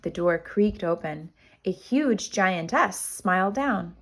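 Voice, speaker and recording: A woman, a kindergarten teacher, reading a storybook aloud to children with expressive storytelling. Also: lowish voice, slow.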